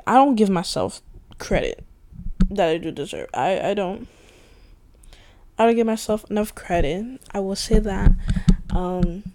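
Young woman venting on her podcast late at night, warm mellow voice, rambly and cussing a lot. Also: medium pitch. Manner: loose, rambling and candid, with frequent swearing and slang. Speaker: podcast host.

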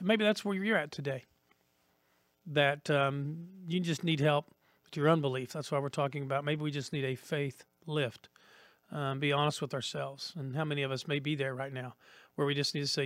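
A man's voice: fairly high pitch, fairly even intonation, normal speed, a bit bright, no echo, clean studio sound. A man preaching a sermon as a pastor, earnest and repetitive, rising to emphatic peaks.

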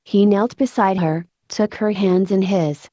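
A woman narrating an audiobook in a measured, lyrical storytelling manner. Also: medium pitch, mellow, no room sound. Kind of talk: scripted narration.

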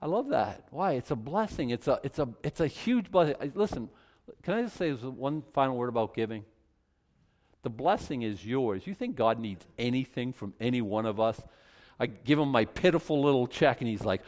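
A man's voice: medium pitch, lively intonation, normal speed, darkish tone. A middle-aged man pastor preaching a sermon in a conversational, folksy way, with frequent asides and repeated words.

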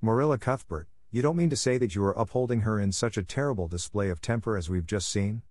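A man's voice: on the low side, quick pace, a little mellow, no echo, clean studio sound, natural voice. A man reading the lines of a blunt, outspoken older village woman in an audiobook. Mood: indignant. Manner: outspoken, disapproving.

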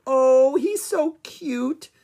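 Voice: measured pace, breathy edge, exaggerated voice. A storybook reader voicing an eager, curious young girl who coos and exclaims. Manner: high, excited and cooing.

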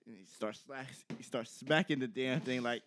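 A man's voice: medium pitch, moderate pace, a bit bright. A man co-hosting a podcast, telling a comic story in casual, rambling chat and often breaking into laughter. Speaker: podcast co-host.

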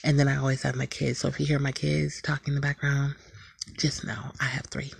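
A woman hosting her own podcast in a casual, candid chat, laughing at herself now and then, talking quietly at night in a shared house. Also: very deep voice, flat delivery, a little fast, creaky, slightly rough, dry recording. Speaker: podcast host.

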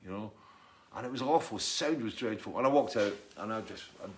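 Reading viewer comments on his live stream, this middle-aged musician chats, jokes and wanders through stories. His low-leaning voice has lively intonation and a fairly quick pace, with slight background noise behind it.

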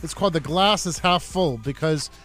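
A man's voice: fairly high pitch, moderate pace, a bit bright, faint music behind. A man as a radio guest, eager and slightly awkward, reciting comic poetry and talking up his work. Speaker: guest, comedy poet. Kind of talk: casual radio chat.

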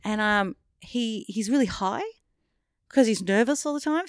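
A woman's voice: a little high, measured pace, clean tone, no room sound, studio quality. A woman co-hosting a casual film review podcast, speaking bluntly and animatedly. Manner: blunt, animated, swears freely. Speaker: podcast co-host.

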